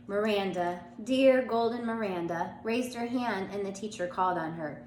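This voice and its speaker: A woman's voice: mid-range voice, normal speed, darkish tone. A woman reads a children's chapter book aloud and puts on the characters' voices as she goes. She stumbles and restarts now and then and sounds a bit stuffy from allergies. Her voice sits in the middle of the range, and the room around her rings with echo over a faint hum. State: allergies, occasional cough. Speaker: reader.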